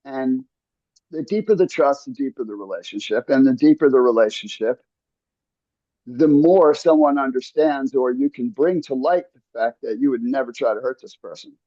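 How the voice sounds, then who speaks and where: A man's voice: mid-range voice, moderate pace, warm tone, no room sound, muffled recording. Earnest man coaching in a dry room. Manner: earnest, coaching tone with frequent restarts and "right?". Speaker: podcast host. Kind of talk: casual podcast conversation.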